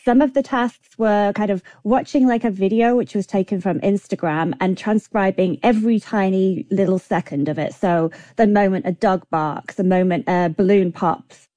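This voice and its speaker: A woman guest with a mid-pitched voice, talking through her answers in a chatty way. She fills her sentences with "like" and "kind of". The sound is dry and close. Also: moderate pace, few pauses, dark tone, no room sound. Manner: chatty, with many "like" and "kind of" fillers. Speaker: guest screenwriter. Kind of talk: interview answers.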